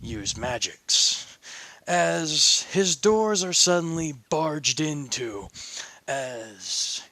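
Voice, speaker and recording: A man narrates a homemade story in a casual, meandering way. He talks slowly, with a bright, slightly raised voice. The sound is dry and close. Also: fairly high pitch, expressive, no room sound. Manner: meandering, self-correcting, chuckling asides. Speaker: fan-fiction storyteller.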